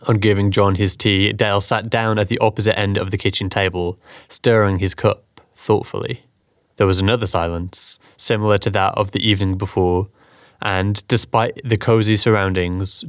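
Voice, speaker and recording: Male storyteller, steady measured read, low pitch, dry recording. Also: dry recording. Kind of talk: scripted narration.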